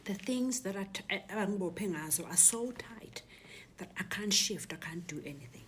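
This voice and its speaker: A middle-aged South African woman recounting a personal ordeal as an interview guest, speaking softly and often near a whisper. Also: mid-range voice, expressive, moderate pace, a little hiss or hum. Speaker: guest telling her story. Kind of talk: emotional personal testimony.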